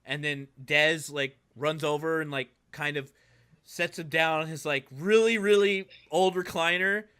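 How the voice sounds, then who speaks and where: A man's voice: a little high, fairly even intonation, unhurried, bright, forceful tone, clean tone. Casual rambling male game master. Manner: casual, filler-heavy, rambling. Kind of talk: narrating a tabletop game.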